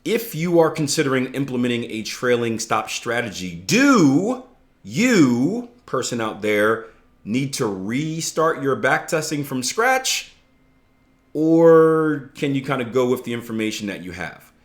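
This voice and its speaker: A male trading coach talking straight into a podcast mic in an easygoing, conversational way. His voice sits at an ordinary middle pitch, and he keeps checking in with the listener, dropping in little jokes as he explains. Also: expressive, measured pace. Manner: conversational, jokey asides, frequent "right?" checks. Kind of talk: casual instructional podcast talk.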